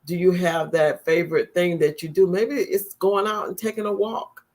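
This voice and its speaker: A woman's voice: fairly low pitch, steady tone, moderate pace, a little mellow. A woman talk show host speaks straight to her audience about caring for yourself. She is earnest and drives each point home by repeating it in plain, everyday words. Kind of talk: motivational talk to viewers.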